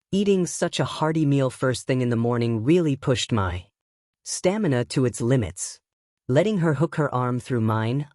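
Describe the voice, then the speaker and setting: A man narrating a first-person story in a steady, wry way. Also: mid-range voice, dry recording, clean studio sound.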